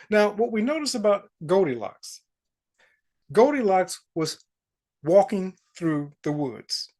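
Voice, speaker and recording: Male manifestation coach, motivational talk, measured and deliberate delivery. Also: sits high, very animated, a little mellow. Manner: slow, deliberate storytelling, quoting scripture.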